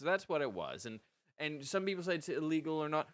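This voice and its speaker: A man with a Canadian accent, co-hosting a stream and spinning an absurd, stop-start tall tale in a deadpan way. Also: a little high, brisk. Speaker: co-host. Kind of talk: absurd improvised storytelling, casual chat.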